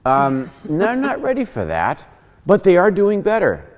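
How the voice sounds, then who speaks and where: A man hosts a casual Bible teaching show, staying animated, joking and acting out quotes as he explains. His voice is high-pitched at a moderate pace, and it sounds like he's in a large hall.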